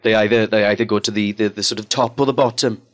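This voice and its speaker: A man's voice: lowish voice, fairly even intonation, quick pace. A man with a Welsh accent, explaining hesitantly and often repeating his words. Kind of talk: casual explanation.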